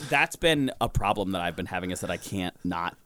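A man with a lisp chatting casually and telling animated stories, cursing freely. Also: sits low, a little fast. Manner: animated storyteller, swears casually. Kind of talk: casual chat.

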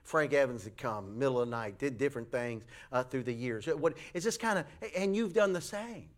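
A man preaching a sermon, telling a folksy story with animated voices for the people in it. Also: fairly quick. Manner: folksy, animated storytelling with acted high-pitched quotes. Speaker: pastor.

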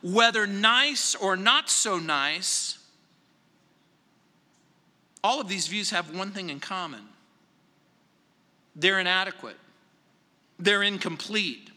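A man delivering a verse-by-verse sermon as a pastor, measured and emphatic, stressing phrases slowly. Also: high voice, expressive, pushed and bright, in a large hall. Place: church sanctuary.

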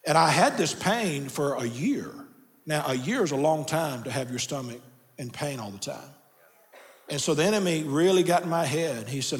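A middle-aged male pastor, preaching a sermon that moves from quiet storytelling to shouted preaching. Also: on the high side, animated, brisk. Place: church sanctuary. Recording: reverberant church sanctuary.

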